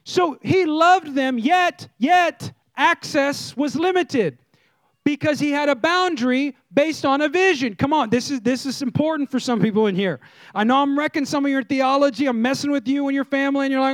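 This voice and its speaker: Preacher guy, high voice, goes big then drops way down quiet, gets the church repeating after him, dry close sound. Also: normal speed, no room sound. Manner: dynamic preaching, swings from loud emphasis to hushed low tones; leads congregation in call-and-response. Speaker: pastor. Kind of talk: sermon.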